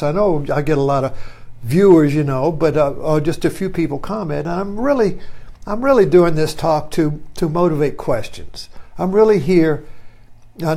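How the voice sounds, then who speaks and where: Musing older man, higher voice. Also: creaky, darkish tone. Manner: musing, often tags phrases with "you see". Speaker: online talk host. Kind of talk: rambling philosophical monologue.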